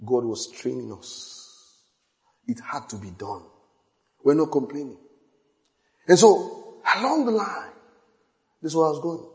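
Pastor, middle-aged man, high tenor, sermon storytelling: repetitive, shouts then hushes, long hall reverb. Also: lively intonation, a little slow, long pauses.

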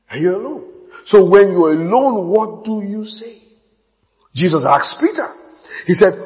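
A man preaching a sermon as pastor, animated, laughing often and repeating phrases. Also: high-pitched, unhurried, pauses often. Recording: long echoey hall reverb.

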